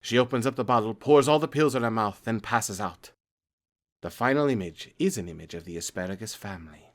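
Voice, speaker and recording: A man's voice: fairly low pitch, fairly quick. A man reading a horror story aloud in plain first-person storytelling, stumbling now and then. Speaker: creepypasta narrator.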